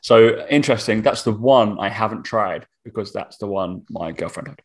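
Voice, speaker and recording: An easygoing young man who laughs readily and chats casually. His voice sits fairly low, and he talks in a relaxed way. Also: normal speed. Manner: easygoing, laughs often, reads out labels. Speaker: co-host. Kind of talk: casual chat.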